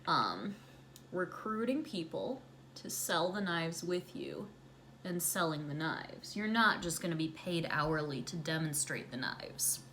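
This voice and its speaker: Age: unknown. Sex: woman. Role: beauty vlogger. Style: slow, chatty storytime with a lowish voice. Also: big pitch swings, a little hiss or hum. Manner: chatty, sarcastic, acts out quotes in hushed voices. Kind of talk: casual storytime while doing makeup.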